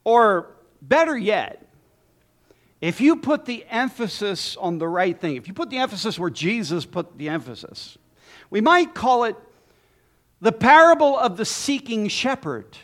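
A man preaching a sermon as pastor, emphatic with dramatic pauses and lists. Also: high-pitched, a bit bright.

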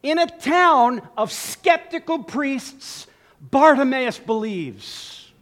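High-voiced, animated male preacher. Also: slow. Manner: animated, emphatic, addresses listeners directly. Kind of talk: sermon.

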